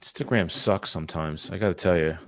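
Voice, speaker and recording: A real estate agent with a deep voice talks a little fast as he chats on a livestream from his home studio. Between cold calls he rambles casually to his viewers.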